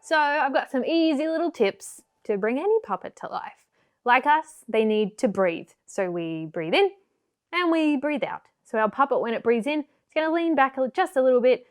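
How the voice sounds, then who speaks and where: A woman's voice: high-pitched, lively intonation, normal speed, clean tone. A woman teaching a puppet-making workshop for children, cheerful and encouraging. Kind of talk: children's craft tutorial.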